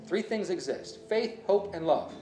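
A man's voice: high-pitched, animated, unhurried, warm tone, echoey room, soft background music. A man preaching a sermon as a pastor, in a conversational, musing way that often restarts and corrects itself.

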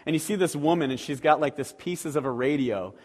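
A man's voice: fairly high pitch, fairly quick, a little mellow. A man preaching a sermon as a pastor, talking conversationally with rhetorical questions to the congregation. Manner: acts out quoted voices animatedly. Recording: long reverb of a large hall.

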